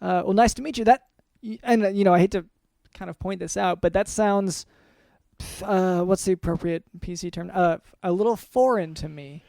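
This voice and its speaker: A man hosting a comedy podcast in the role of a doctor, deadpan and fumbling, with lots of hesitations. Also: sits high, moderate pace, creaky, no room sound. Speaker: podcast host playing a doctor.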